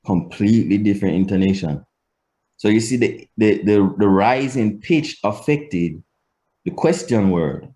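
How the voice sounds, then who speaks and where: A man teaching a language lesson, explaining slowly and deliberately, swinging his pitch to demonstrate. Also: expressive, mellow.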